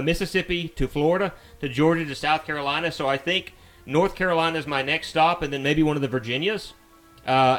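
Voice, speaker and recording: A man with a mild Southern US accent and a slightly high voice talks casually to his viewers while he plays a game on stream. He rambles in an easy, chatty way. Soft music plays faintly behind him. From Alabama, US. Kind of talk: casual live-stream chat while playing.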